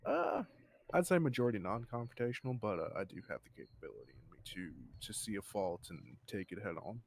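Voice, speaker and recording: A man's voice: lowish voice, big pitch swings, brisk, vocal fry, slight background noise. A man answering questions in a casual role-play interview, rambling with many restarts and fillers.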